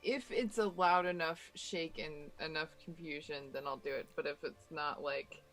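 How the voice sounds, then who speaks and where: A woman's voice: deep voice, normal speed, a bit bright, soft background music. A woman playing in a tabletop game, talking hesitantly with fillers in casual chat over an online voice call. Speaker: player.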